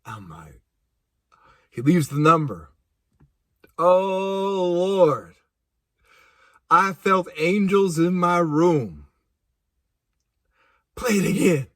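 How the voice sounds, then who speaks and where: A man telling a personal story casually, animated and laughing, with vivid sound effects. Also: sits high, very slow, pauses often, dry recording, studio quality. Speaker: speaker.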